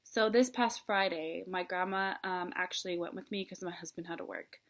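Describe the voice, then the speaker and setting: A woman's voice: lowish voice, moderate pace. A young woman talking to camera in a personal vlog, chatty and earnest with many ums, at times tearful. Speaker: vlogger. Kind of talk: personal vlog, casual confiding talk.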